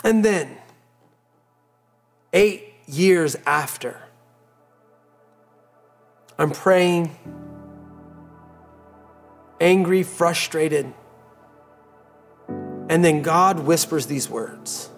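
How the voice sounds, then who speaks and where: A man's voice: a little high, drawn-out words, creaky, pauses often, faint music behind. A man preaching a sermon as pastor, telling a personal story in an earnest way and repeating phrases for emphasis.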